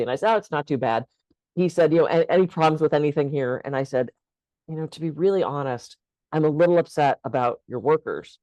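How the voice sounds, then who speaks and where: A woman's voice: low voice, quick pace, darkish tone, no echo, low-quality recording. An older woman in casual podcast conversation, candid and frank, telling stories with laughter. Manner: candid, storytelling, laughs often.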